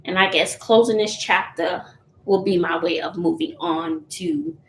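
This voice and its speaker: A YouTuber from Texas, USA, answers viewers in a casual live chat, talking candidly and laughing often. Her voice is lowish and a little slow, and the recording has a roomy echo with faint noise.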